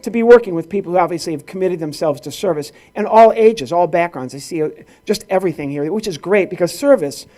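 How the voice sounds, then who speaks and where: High-pitched and mellow, a middle-aged man from rural Illinois in the US Midwest talks fast with hardly any pauses. He is doing stand-up at a corporate event, telling stories with acted-out dialogue.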